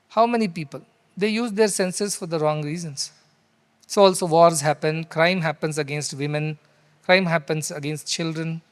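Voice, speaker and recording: A man's voice: fairly high pitch, smooth. A middle-aged man, giving an earnest storytelling sermon with rhetorical questions and Sanskrit verses. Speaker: spiritual teacher. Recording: long hall reverb.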